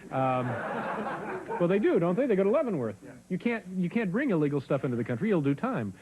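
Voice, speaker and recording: A man hosting a late night talk show, dry and halting with many fillers. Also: high voice, sing-song. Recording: noisy TV broadcast audio.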